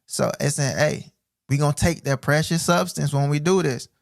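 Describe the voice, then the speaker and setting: Male scripture teacher, fairly high and gravelly, casual streamed teaching with slow readings and slang asides. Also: no echo, studio quality. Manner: reads verses slowly, then explains in street slang; casual, repeats 'right?' and 'bro'. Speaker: Bible teacher.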